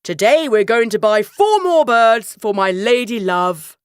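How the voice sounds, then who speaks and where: A woman's voice: a little high, very animated, a little slow, clean tone, no room sound, studio quality. A woman voicing a jolly, generous king in a children's storybook, with hearty, emphatic exclamations. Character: jolly, generous old king, grand and eager. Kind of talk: storybook character voice.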